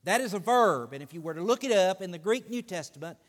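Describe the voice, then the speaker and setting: A man preaching a sermon, building excitement and stretching out key phrases. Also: high voice, quick pace. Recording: long hall reverb.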